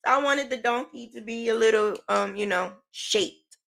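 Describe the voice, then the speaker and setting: A woman hosting a podcast, telling a personal story in a chatty, animated way with informal slang. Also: a little high, normal speed, vocal fry, faint music behind. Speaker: podcast host.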